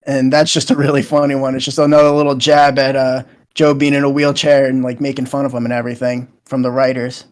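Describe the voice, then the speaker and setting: A man's voice: mid-range voice, flat delivery, fast talker. A young man chatting casually as a co-host, retelling scenes in a loose, rambling way with lots of fillers. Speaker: show co-host.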